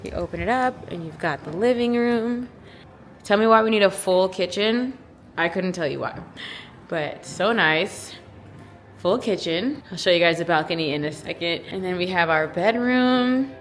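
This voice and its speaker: A young woman vlogging casually, gushing and excited as she shows around. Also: fairly low pitch, normal speed, soft background music. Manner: bubbly, gushing. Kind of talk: casual vlog narration.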